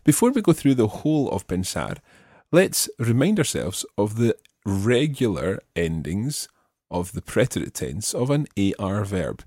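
A man's voice: on the low side, very animated, a little slow, darkish tone, breathy edge, no echo, clean studio sound. A man teaching a Spanish lesson, patiently explaining step by step and prompting his student. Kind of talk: spoken language lesson.

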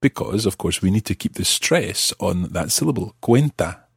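Husky deep-voiced man teaching. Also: expressive, no room sound, studio quality. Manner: patient, explains slowly with examples. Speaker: language teacher. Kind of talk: podcast grammar explanation.

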